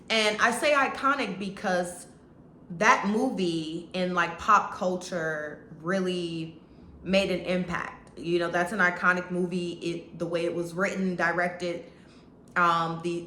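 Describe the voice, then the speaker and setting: A woman with a bright, forceful voice and a lowish pitch rambles through a casual movie review. She restarts her sentences often and talks in a loose, colloquial way. The sound is roomy and echoey. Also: a little hiss or hum. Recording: echoey room.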